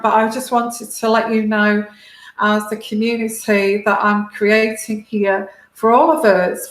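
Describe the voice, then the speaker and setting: A British woman hosting a tarot livestream, talking halting and heartfelt to her viewers, close to tears. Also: mid-range voice, a bit bright, reverberant, poor audio. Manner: halting, many restarts and fillers, heartfelt. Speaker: tarot reader and livestream host. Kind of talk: casual livestream talk to viewers.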